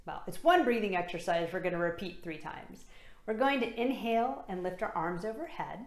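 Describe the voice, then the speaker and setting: A laughter yoga leader, a woman with a slightly low voice, talks listeners through the exercises in a calm, encouraging way. The sound is roomy and echoey. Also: vocal fry. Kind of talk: instructional talk with guided exercises.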